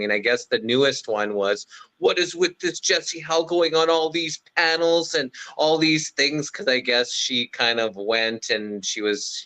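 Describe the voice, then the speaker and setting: A man's voice: fairly low pitch, bright, forceful tone, poor audio. A man from Western Canada, a guest on an online talk show, speaking plainly and hesitantly. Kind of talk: casual chat.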